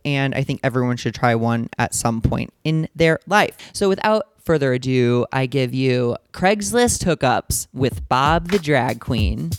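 A man hosting a podcast, telling a story in a casual, chatty way, full of "like" and sudden jumps in pitch. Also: clean tone, no room sound. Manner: chatty, filler-heavy, animated pitch jumps. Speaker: podcast host.

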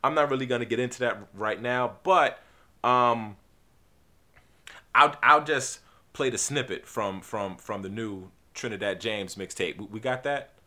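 A man's voice: mid-range voice, unhurried, pushed and bright. A man from New Jersey hosting a podcast, talking in a casual, rambling, profane monologue full of restarts and fillers. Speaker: podcast host.

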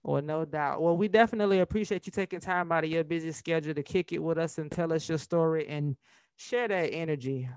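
A woman's voice: sits low, fast, a little mellow, clean tone, no room sound. A woman hosting a casual interview, speaking in an encouraging, slangy way and laughing along with her guest. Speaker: interview host.

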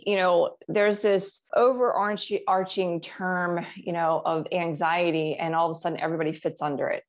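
A woman's voice: mid-range voice, muffled recording. A woman coach, a podcast guest, talking earnestly and acting out inner voices. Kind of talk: podcast conversation.

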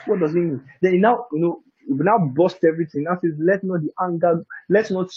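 Husky guy preaching a bible study, fairly high voice, chuckles a lot, dull lo-fi sound. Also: a little fast, hardly any pauses, darkish tone. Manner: conversational, keeps asking "do you understand?"; chuckles between points. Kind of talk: bible teaching sermon. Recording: dull lo-fi recording.

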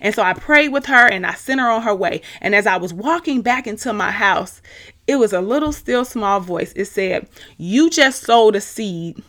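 A woman podcast host telling her personal faith testimony to a live online audience, earnest and animated, often restarting her sentences. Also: mid-range voice, moderate pace.

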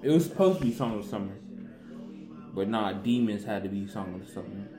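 A man's voice: fairly low pitch, lively intonation, a little fast, echoey room, music in the background, poor audio. A young man in casual chat, laid-back and slangy, with an offhand way of talking.

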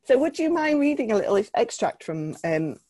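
A woman's voice: on the high side, very animated, moderate pace, dark tone. A woman hosting an interview, asking questions in an enthusiastic, encouraging way. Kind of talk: podcast interview.

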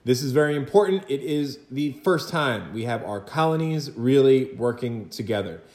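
A man's voice: mid-range voice, expressive, a little mellow, reverberant. A man teaching a history lesson in a chatty, conversational way, full of rhetorical questions and asides to his students. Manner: chatty, rhetorical asides and quick acted quotes. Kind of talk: recorded lecture for students.

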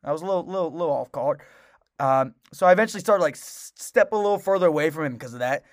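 A man's voice: on the high side, animated, quick pace, no room sound, clean studio sound. Rambling young man on a podcast. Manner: rambling, lots of restarts and fillers. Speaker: podcast co-host. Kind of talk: casual chat.

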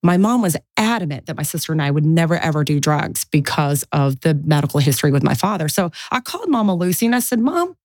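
A woman in her forties, a guest in an interview, chatting and telling animated stories from her life. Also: low voice, fast talker, hardly any pauses, dry recording. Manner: chatty, animated, mimics family voices in anecdotes. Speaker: guest, real estate investor. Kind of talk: casual interview storytelling.

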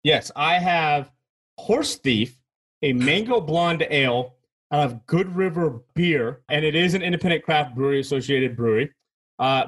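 A man's voice: fairly high pitch, fairly bright tone, slightly rough. A man co-hosting a casual beer podcast, easygoing and laid-back as he talks about his beer. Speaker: podcast co-host.

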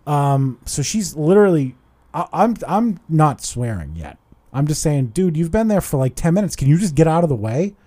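A man's voice: on the high side, normal speed. A man hosting a podcast, telling stories in casual chat and swearing freely. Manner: animated storytelling, swears a lot. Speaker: podcast host.

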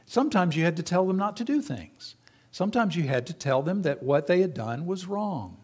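A man's voice: high voice, big pitch swings, normal speed, a little mellow, slightly rough. A man preaching a sermon to his church, talking in a conversational way and asking the congregation questions. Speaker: pastor.

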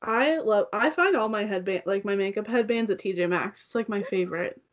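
Chatting about makeup as a co-host, this young woman speaks fairly quickly at a medium pitch, dropping "like" throughout. The recording is dull and lo-fi, with a faint hiss or hum.

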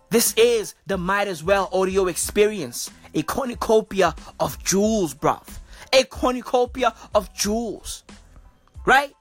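A woman's voice: mid-range voice, husky. A woman hosting a podcast, delivering a profane comic rant full of slang, with "bruv" and "okay" after nearly every line. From South Africa. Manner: swearing, slangy, keeps tagging bruv and okay. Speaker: podcast host.

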